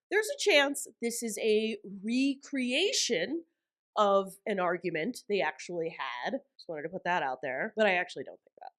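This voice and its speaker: A woman's voice: mid-range voice, a bit bright. A woman hosting a reality TV recap, talking in a sarcastic, joking commentary style. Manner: sarcastic, jokey, mock voices.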